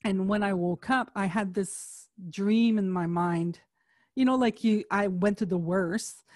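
A woman in casual conversation, telling a personal story in an animated way and acting out the voices of people she quotes. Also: mid-range voice, measured pace, no room sound, studio quality.

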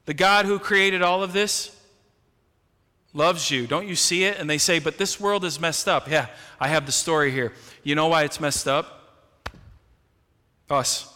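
A male pastor preaching a sermon with passion, moving from quiet, low passages to raised, emphatic ones and often repeating words as he starts a phrase. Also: measured pace, long pauses, clear, resonant tone, big-room sound. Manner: impassioned preaching, swinging from quiet to loud. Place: church sanctuary.

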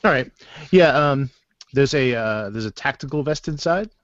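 A man narrating a tabletop game as game master, halting often with fillers and restarts. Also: mid-range voice, expressive, dry recording. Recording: dull, lo-fi and dry.

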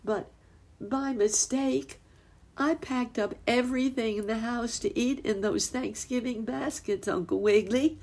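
A woman's voice: on the high side, measured pace, darkish tone, pitched above the performer's own voice. Woman doing a fretful muskrat housekeeper. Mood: worried. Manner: fretful, apologetic. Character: fussy muskrat lady housekeeper.

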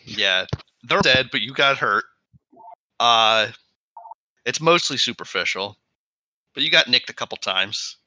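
A man running a tabletop game as game master, talking haltingly with frequent pauses. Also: mid-range voice, animated, pushed and bright, dry recording, low-quality recording.

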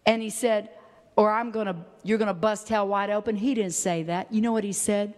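A woman preaching a sermon to a church, shifting from hushed whispers to loud, fervent shouts. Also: mid-range voice, expressive, measured pace. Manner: passionate, swings between whispers and shouts. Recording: long hall reverb.

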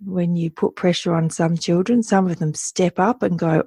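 A woman's voice: on the low side, steady tone, normal speed, few pauses, warm tone, slightly rough, no room sound, clean studio sound. A woman talking in a thoughtful, earnest way in casual conversation, sometimes acting out how animals react.

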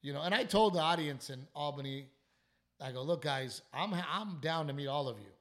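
A South Texas man who does comedy and hosts a podcast speaks at normal speed in a slightly high voice. He's sick and sleep-deprived while telling a casual story, swearing, animated, and constantly trailing off and restarting.

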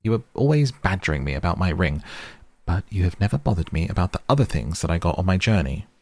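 A man doing Bilbo, a testy aging hobbit with a gravelly voice. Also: low-pitched, fairly even intonation, normal speed, a little mellow. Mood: evasive. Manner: fussy, turns snappish and defensive. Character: aging male hobbit, restless, possessive and touchy.

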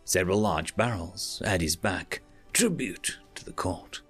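A man's voice: sits low, a little slow, breathy edge, soft background music. A man narrating sci-fi and fantasy short stories as a podcast reader. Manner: expressive reading. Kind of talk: audiobook story narration.

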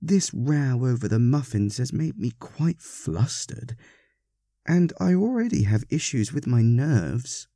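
A man's voice: mid-range voice, sing-song, slow, mellow, dry recording, clean studio sound, pitched above the performer's own voice, exaggerated voice. A man voicing a fussy, sly churchwoman in a storybook reading, lifting his voice well above his own. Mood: sly, prim.

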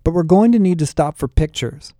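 A man's voice: fairly high pitch, expressive, fairly quick, dark tone, dry recording, studio quality, pitched above the performer's own voice, lightly acted. A man reading aloud, voicing a self-absorbed young man who talks in slangy, boastful bro speech.

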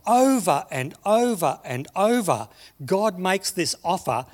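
A man preaching a sermon, telling stories and slowing down on key phrases. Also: high-pitched, very animated. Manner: storytelling, slows down for emphasis. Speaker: pastor.

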